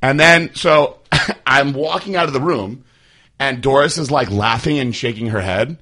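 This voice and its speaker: A man with a bright, forceful voice tells a crude, rambling story on a casual show. He talks loosely and gets more animated as the tale builds. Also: mid-range voice, moderate pace, breathy edge. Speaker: podcast host.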